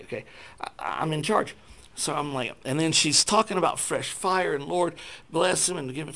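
A man telling a self-deprecating personal testimony to a church group, acting out his own thoughts in lively voices. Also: a little high. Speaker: speaker sharing a personal testimony.

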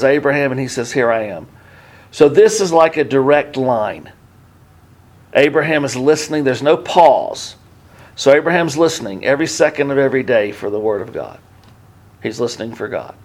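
A man in his fifties preaching a sermon in a conversational way, often restarting his sentences and swinging between hushed and emphatic delivery. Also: medium pitch. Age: 50s. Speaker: pastor.

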